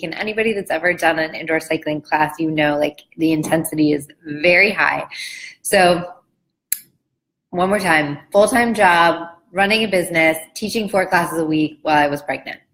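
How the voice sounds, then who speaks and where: Chatty woman with a low voice. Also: normal speed, a bit bright, poor audio. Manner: chatty, uses "like" often. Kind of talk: casual personal talk.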